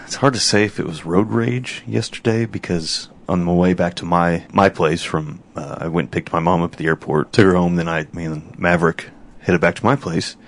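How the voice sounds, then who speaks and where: A man's voice: low voice, steady tone, brisk. A man in casual chat, rambling through a story with crude humor.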